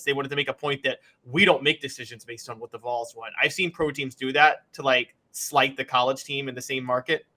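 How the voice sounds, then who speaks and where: A man from Memphis co-hosting a casual sports talk show, joking and animated with rambling asides. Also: medium pitch. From Memphis, USA.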